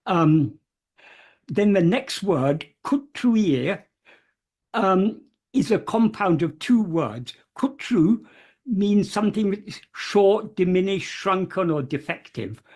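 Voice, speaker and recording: A speaker explaining a text piece by piece, with a slightly husky voice. The delivery is very slow and hesitant, full of pauses and small fillers, and key terms are gently repeated. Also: medium pitch, lively intonation. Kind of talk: slow, careful explanatory talk.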